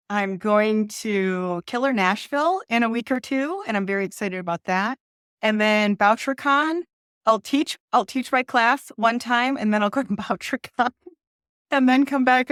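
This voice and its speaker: A woman, a guest author chatting in an interview, excitable and quick to laugh. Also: fairly high pitch, no room sound, clean studio sound. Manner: bubbly, laughs often, excitable. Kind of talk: casual interview chat.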